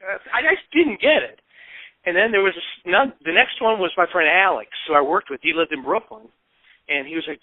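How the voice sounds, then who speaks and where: A man from Peoria tells a long story as a radio guest, rambling and swearing and acting out what others said. His voice sits fairly high for a man. The sound is dry and narrow, like a phone line. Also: sing-song, a little fast, no room sound. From Peoria, Illinois. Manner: rambling, swears freely, acts out quotes. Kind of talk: casual storytelling.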